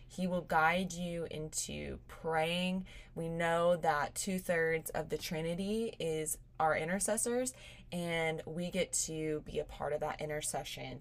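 Earnest woman podcaster, lowish voice. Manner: earnest and encouraging, gets teary and laughs. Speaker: podcast host. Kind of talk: casual devotional podcast talk.

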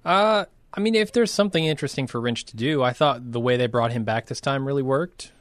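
A man's voice: medium pitch, fairly quick, dry recording, clean studio sound. A man co-hosting a TV recap podcast, chatting casually and laughing often. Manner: laughs often, short agreeing replies. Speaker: podcast co-host.

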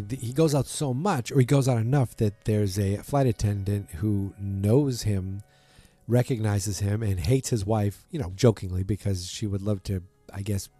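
A podcast host casually recaps a TV episode, rambling with lots of ums and restarts while acting out the characters' lines. His voice is lowish and mellow, with no room sound.

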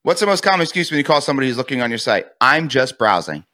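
A man's voice: on the high side, expressive, racing, a bit bright. A man, a real estate coach, speaking as a podcast guest and energetically acting out sales call scripts.

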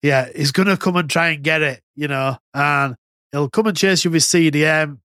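A man's voice: on the high side, moderate pace, sharp tone, no echo, studio quality. A man co-hosting a casual podcast chat, rambling and swearing freely. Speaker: podcast co-host.

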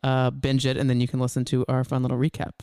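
A man hosting a podcast in casual chat, talking quickly with lots of "like" fillers. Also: medium pitch, completely flat delivery, mellow, smooth, dry recording, clean studio sound. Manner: quick talk full of "like" fillers. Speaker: podcast host.

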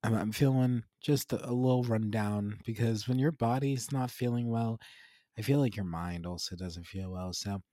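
A man hosting his podcast in a casual, rambling chat, hoarse, raspy and congested from being sick, with laughs between phrases. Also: fairly low pitch, normal speed, mellow, no echo. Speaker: podcast host.

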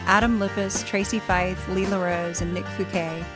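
A woman's voice: fairly low pitch, steady tone, moderate pace, over music. A woman hosting a podcast, asking questions and introducing guests, with frequent encouraging replies. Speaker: podcast host.

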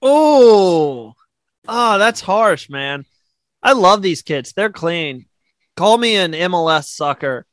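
A man with a fairly high voice chats casually as a podcast co-host. He is easygoing, laughs often and restarts his sentences. The sound is close and dry, with no room around it. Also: animated, slow pace, sharp tone, no echo. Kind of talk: casual chat.

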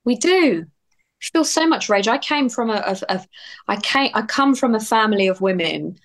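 A woman's voice: medium pitch, normal speed. A woman, a guest actor and writer, talking in a candid, reflective and heartfelt way, often restarting her phrases. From United Kingdom. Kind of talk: candid interview conversation.

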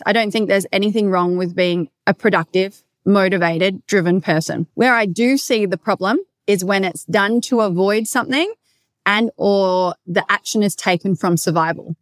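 Brief: Australian woman, podcast host, loud and brash, heavy swearing, lively storyteller, close dry sound. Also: mid-range voice, no echo. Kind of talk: casual solo podcast monologue.

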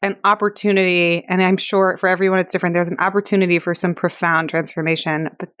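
A woman's voice: fairly low pitch, flat delivery, fast talker, fairly bright tone, no echo, clean studio sound. A woman hosting a podcast, chatting casually with playful asides and spiritual phrasing. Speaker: podcast host. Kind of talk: casual conversational interview.

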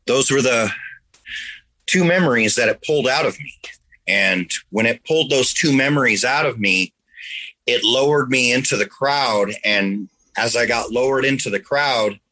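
A man's voice: mid-range voice, expressive, unhurried, bright, forceful tone, low-quality recording. A man earnestly telling a personal story in a rambling, conversational way, now and then making sound effects.

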